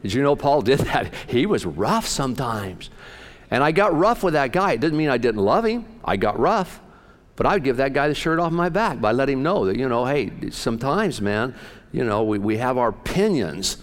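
A man's voice: mid-range voice, sing-song, a little fast. A male pastor preaching in a folksy, joking, conversational way, telling stories. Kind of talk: sermon.

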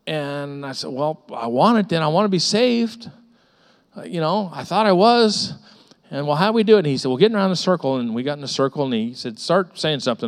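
A middle-aged man preaching a sermon as a pastor, telling stories with lively repetitions and acting out the voices of the people in them. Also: on the high side, normal speed. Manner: animated storytelling with frequent repetitions and acted-out voices.

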